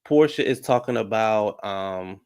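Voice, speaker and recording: A man's voice: lowish voice, unhurried, gravelly, darkish tone, clean tone. A man recapping a reality show in casual commentary, sassy and profane, talking straight to his viewers.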